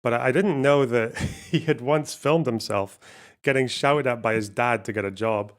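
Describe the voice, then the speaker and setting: Male host of a live stream, loose sarcastic commentary, average pitch, laughs a lot. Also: normal speed. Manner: sarcastic, rambling, laughing often, swearing.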